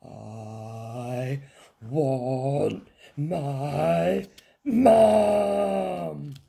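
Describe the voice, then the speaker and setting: A woman voicing a sulky little girl princess who wails for her mum in a drawn-out whine. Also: mid-range voice, lively intonation, mellow, voice pushed up. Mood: wailing. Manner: drawn-out whining wail.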